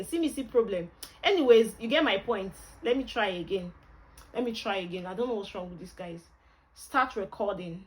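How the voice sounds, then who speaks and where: A woman's voice: medium pitch, lively intonation, normal speed, over a noisy crowd, very noisy. A woman with a Nigerian accent, chatting casually and expressively through a camera review vlog, with pidgin exclamations.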